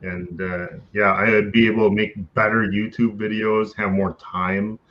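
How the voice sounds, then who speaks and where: A man with a fairly low voice answers an interviewer over a video call, hesitant and full of fillers and restarts, and he laughs often. The audio is slightly dull and lo-fi. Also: level tone, unhurried, slight background noise. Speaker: interview guest, content creator.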